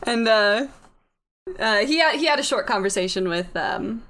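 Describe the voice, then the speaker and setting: Woman game master, bright and lively, rambling casual narration. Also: a little high, normal speed. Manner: relaxed, filler-heavy narration.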